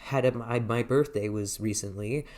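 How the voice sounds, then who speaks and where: A man's voice: medium pitch, normal speed, darkish tone. A man in his thirties talking casually to a handheld camera, hesitant and rambling, with many restarts. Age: 30s. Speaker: vlogger. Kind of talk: casual vlog talk.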